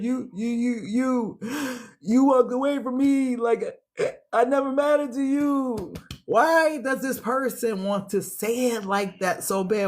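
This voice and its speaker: A man giving a casual tarot reading, emotional and profane, often repeating words. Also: high-pitched. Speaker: tarot reader.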